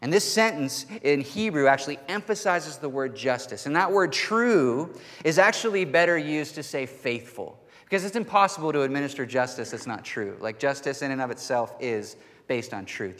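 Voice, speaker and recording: A man preaching a sermon as pastor, earnest and emphatic, slowing down to stress key words. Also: medium pitch, expressive, fairly bright tone. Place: church hall. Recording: long reverb of a church hall.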